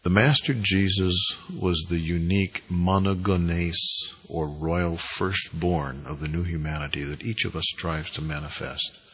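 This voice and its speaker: A man with a husky voice giving an emphatic, deliberately inflected spiritual lecture on priesthood. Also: sits low, a bit bright, poor audio. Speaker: spiritual teacher.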